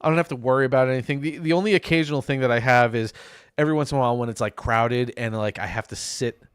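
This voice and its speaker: A man with a New York accent, co-hosting a casual podcast chat and telling a story with lively, acted-out quotes. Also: medium pitch, fast talker, clean tone, no room sound, studio quality. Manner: animated storyteller, acts out quoted lines loudly. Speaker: podcast co-host. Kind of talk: casual chat over beers.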